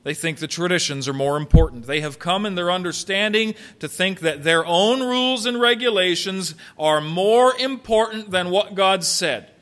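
A man's voice: sits high, moderate pace, hardly any pauses, a bit bright. A male pastor preaching a sermon emphatically, with many rhetorical questions.

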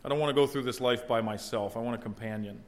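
Middle-aged man, pastor type, mid-pitched, chatty sermon delivery with emphatic peaks. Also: quick pace. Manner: conversational preaching, rising to emphatic exclamation.

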